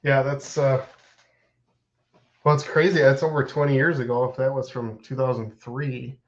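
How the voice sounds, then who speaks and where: A man's voice: medium pitch, flat delivery, moderate pace. A man co-hosts a live stream and talks about albums in a laid-back, casual way. His audio sounds a little dull and lo-fi.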